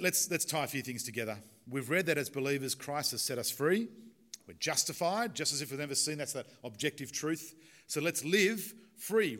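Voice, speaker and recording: A man preaching in an easy, chatty way, pausing on fillers as he goes. His voice sits at an ordinary middle pitch, and he speaks like a pastor talking to his own congregation. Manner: chatty and warm-hearted, with fillers and small laughs. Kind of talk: sermon with closing prayer.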